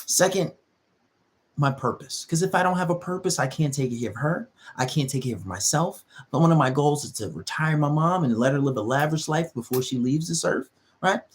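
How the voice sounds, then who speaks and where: A man's voice: fairly high pitch, lively intonation, brisk. A man hosting an advice channel, lecturing his audience in an emphatic, repetitive monologue. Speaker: relationship advice host.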